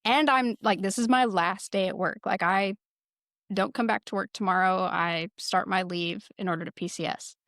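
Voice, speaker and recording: A woman podcast host telling a casual story with lots of swearing, lively and laughing as she goes. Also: mid-range voice, moderate pace, no room sound, studio quality. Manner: profane, lively, laughs while telling stories. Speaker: former military security forces sergeant.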